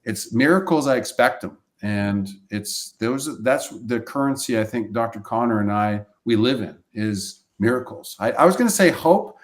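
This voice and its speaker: A male chiropractor and practice coach tells heartfelt patient stories in casual talk on a live webcast over video call. He's emotional, repeats himself, and acts out quoted voices, speaking in an expressive mid-range voice at a moderate pace with hardly any pauses.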